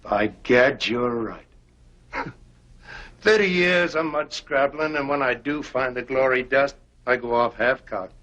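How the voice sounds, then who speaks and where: An older actor playing a weathered, tender-hearted prospector in an old western, with folksy frontier talk. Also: male voice, mid-range voice, measured pace, a bit bright, close to an everyday voice. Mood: excited. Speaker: gold prospector. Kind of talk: 1950s film acting. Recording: dull old film soundtrack with music.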